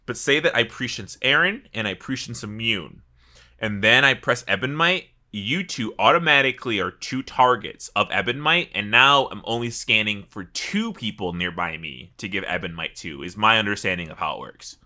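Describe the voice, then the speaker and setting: A man co-hosting a casual gaming podcast, explaining things in an animated way and laughing often. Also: fairly low pitch, moderate pace. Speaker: podcast co-host.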